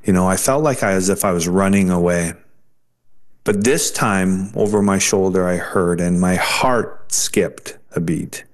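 A male guest recounting a personal turning point with sincere feeling. He speaks in a fairly low voice, pausing and restarting as he goes. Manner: earnest, halting, with restarts. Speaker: interview guest. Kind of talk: personal testimony storytelling.

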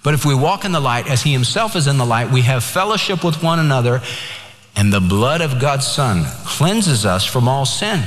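A man's voice: medium pitch, animated, normal speed, a bit bright. A man preaching a sermon, earnest and direct, quoting scripture and telling a joke along the way. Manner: earnest preaching, tells jokes and quotes scripture. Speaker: pastor. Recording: echoey hall with long reverb.

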